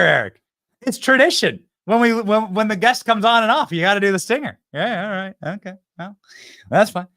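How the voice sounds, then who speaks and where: A man hosting a live political show, joking with his crew and interviewing a guest in a lively, teasing way. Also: sits high, normal speed, no echo, studio quality. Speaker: host.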